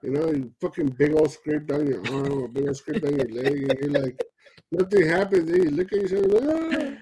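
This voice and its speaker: A man's voice: fairly high pitch, a little fast, mellow, slightly rough, rough recording. A young man co-hosting a podcast, chatting bluntly, swearing freely, and mixing in Spanish slang. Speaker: podcast co-host. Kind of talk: casual chat.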